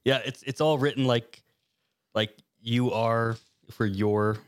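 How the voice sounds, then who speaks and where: A man's voice: mid-range voice, steady tone, slow pace, smooth, dry recording. A man co-hosting a casual podcast, telling stories in a laid-back, matter-of-fact way. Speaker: podcast co-host. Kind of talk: casual chat.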